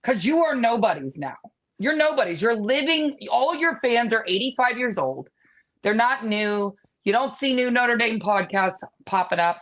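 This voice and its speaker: A woman's voice: fairly high pitch, animated, moderate pace, fairly bright tone. A woman co-hosting a sports podcast, ranting bluntly and mocking rival teams in casual chat. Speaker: podcast co-host.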